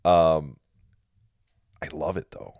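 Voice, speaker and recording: A man hosting a casual home podcast, telling stories with swearing and animated quoted asides, recorded in a basement. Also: a bass voice, takes it slowly, clear, resonant tone, no echo. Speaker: podcast host.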